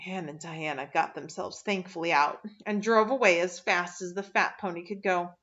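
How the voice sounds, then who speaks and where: A woman's voice: mid-range voice, sharp tone, muffled recording. A woman reading a novel aloud in a plain manner, with small slips and self-corrections. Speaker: audiobook reader.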